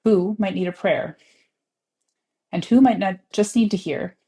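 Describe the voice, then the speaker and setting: A woman's voice: medium pitch, measured pace, mellow. A woman with a Canadian English accent giving an earnest, encouraging devotional message and prayer at a church service. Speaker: speaker giving the opening devotional.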